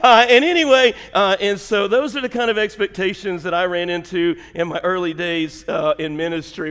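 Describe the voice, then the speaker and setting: A man preaching a sermon as pastor, telling folksy stories and building to emphatic, shouted points. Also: sits high, moderate pace. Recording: long hall reverb.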